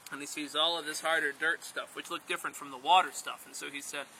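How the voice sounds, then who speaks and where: A man telling a story aloud to a group, playful and animated, speaking directly to his listeners. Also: fairly high pitch, quick pace, slight background noise, low-quality recording. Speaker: storyteller and outdoor instructor.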